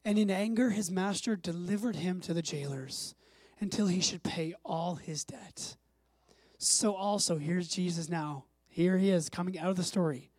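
A pastor preaching a sermon emphatically, swinging between soft passages and loud, urgent ones. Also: medium pitch, moderate pace, dry recording.

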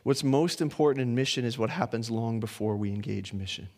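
A pastor preaching a sermon in a conversational way, dropping to hushed lines and rising to animated ones, with playful asides and restarts. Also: male voice, medium pitch, a little fast.

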